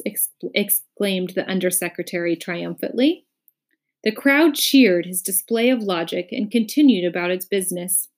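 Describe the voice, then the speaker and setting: A woman reads a children's story aloud. Her narration is expressive and lively, shaping the words for young listeners. Her voice sits at a middle pitch. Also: moderate pace. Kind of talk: reading a children's book aloud.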